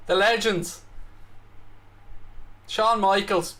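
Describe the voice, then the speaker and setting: An Irish man hosting a live football watchalong stream, chatting casually, reading out viewer comments and breaking into excited reactions. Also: fairly high pitch, normal speed. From Ireland.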